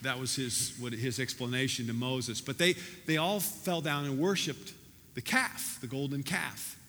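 Pastor guy giving a sermon, bright voice, lots of echo, chatty. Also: mid-range voice, unhurried, a little hiss or hum. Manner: conversational and animated, with many restarts. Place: church sanctuary. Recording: reverberant church hall.

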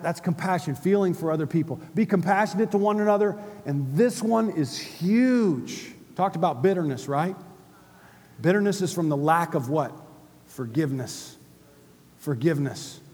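Male pastor, fairly high voice, animated sermon delivery, long hall reverb. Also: normal speed. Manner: animated, emphatic, asks the room questions. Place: church hall with a congregation.

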